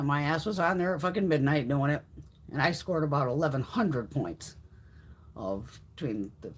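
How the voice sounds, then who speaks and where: A woman's voice: deep voice, husky. A woman hosting a casual live-stream chat, brash and profane, telling stories with frequent laughs. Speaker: livestream host.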